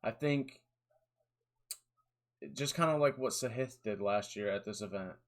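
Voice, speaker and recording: A man's voice: medium pitch, a little slow. A young man in his twenties giving rambling, tired solo commentary on fantasy golf picks, with lots of fillers and restarts.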